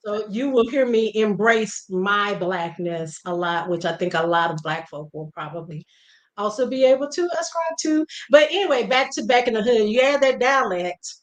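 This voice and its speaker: A woman's voice: medium pitch, animated, moderate pace. A woman from Oklahoma with a Southern American accent, speaking directly and emphatically as a guest in a casual chat. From Oklahoma, USA.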